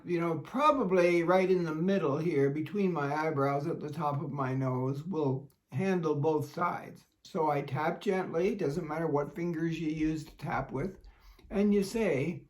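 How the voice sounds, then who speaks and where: A man working as a fitness instructor, calmly demonstrating an exercise routine with a touch of dry humor. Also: fairly high pitch.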